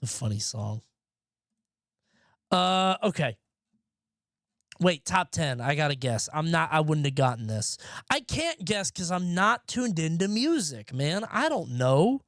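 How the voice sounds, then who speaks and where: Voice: mid-range voice, big pitch swings, unhurried, a bit bright, dry recording, clean studio sound. A streamer in their thirties from the United States, chatting casually with live viewers in a rambling, profane way and laughing often.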